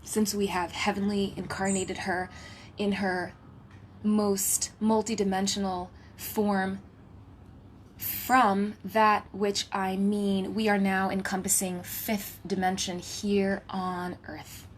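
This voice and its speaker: A woman's voice: mid-range voice, level tone, takes it slowly, a little hiss or hum. Reverent woman channeling spiritual gratitude. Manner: reverent, litany-like gratitude with playful asides; drops to a hushed whisper at times.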